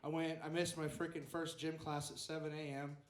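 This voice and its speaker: A man's voice: fairly high pitch, little pitch movement, brisk, roomy sound. A young man telling a rambling story at an open mic stand-up set, acting out the quotes. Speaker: stand-up comedian. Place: small club stage.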